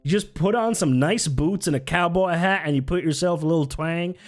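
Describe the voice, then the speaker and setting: A man's voice: on the high side, brisk. A man streaming live, reacting to videos with sarcastic, swear-laden commentary and frequent laughs, close to the mic.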